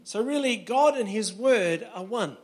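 A man's voice: high voice, animated, a little slow. A pastor preaching a sermon in a conversational way, often checking in with his listeners.

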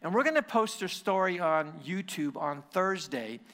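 A male pastor with a bright, forceful tone and a voice pitched a little high for a man. He prays and preaches conversationally, often restarting his phrases. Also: lively intonation, normal speed. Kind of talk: sermon.

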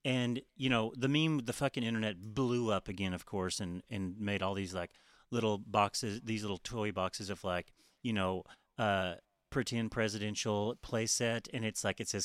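Casual co-host, man with a lowish voice, dry close sound, swears freely. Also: moderate pace, dry recording. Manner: profane, mocking, laughs often. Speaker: podcast co-host. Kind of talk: casual chat.

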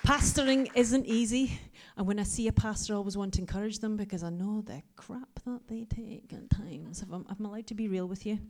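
A woman in her forties preaches with animated energy, telling stories from her own life. She slips into a hushed whisper for asides, then comes back full voice. Her pitch sits at an ordinary middle height. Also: a little fast, hardly any pauses, slight background noise. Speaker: pastor. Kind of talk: lively sermon with personal stories.

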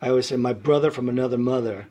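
Husky man telling stories. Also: medium pitch, rapid-fire. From Brooklyn, New York. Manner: rambling, animated, acts out other people's voices. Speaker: guest musician, tuba player. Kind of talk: casual storytelling interview.

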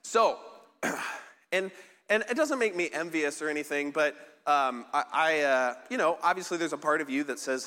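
A man's voice: a little high, moderate pace, pushed and bright. A man giving a casual sermon as a pastor, chatty and self-deprecating, full of fillers and restarts. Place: large church hall. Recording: live sermon in a reverberant hall.

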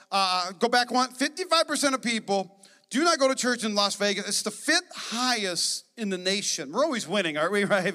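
A man preaching a sermon as pastor, energetic and emphatic, with joking asides to the congregation. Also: high voice, big-room sound. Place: church sanctuary.

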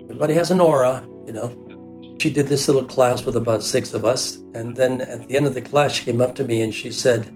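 An older man tells a personal story in a casual, run-on way. He is animated and often slips into the voices of the people he quotes. His pitch sits in an ordinary middle range, with faint music in the background. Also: fairly quick. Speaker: hairdresser telling a personal story.

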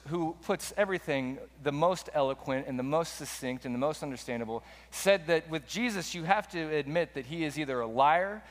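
A man preaching a sermon with impassioned delivery, often climbing high and loud for emphasis. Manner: impassioned preaching with dramatic pitch swings. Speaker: pastor. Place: church sanctuary. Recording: long hall reverb.

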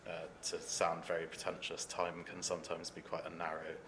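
Man, author at a book fair panel, deep voice, hesitant, thoughtful, faint noise. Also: monotone, fairly quick, fairly bright tone. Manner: thoughtful, hesitant, many ums and restarts.

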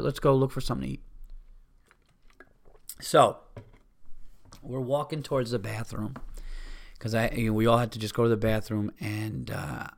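A man's voice: mid-range voice, vocal fry. A man hosting a podcast, telling a profane, heated, rambling story in casual chat. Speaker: podcast host.

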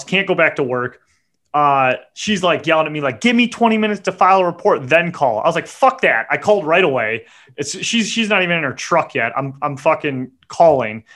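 A man hosting a podcast, telling a story in a profane, animated rant and muttering quick asides. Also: fairly high pitch. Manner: animated and profane, voice jumps up when acting out his own yelling. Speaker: podcast host.

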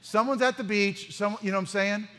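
A man, a pastor, giving a humorous sermon with lively stories, acting out the dialogue. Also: sits high, brisk, in a large hall. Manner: animated, acts out dialogue in the stories. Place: church.

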